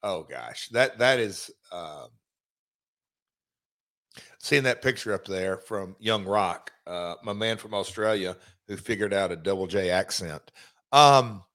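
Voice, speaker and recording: A middle-aged man, chatting casually as a podcast host, halting with many restarts and fillers. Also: low voice, animated, a bit bright. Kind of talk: casual chat.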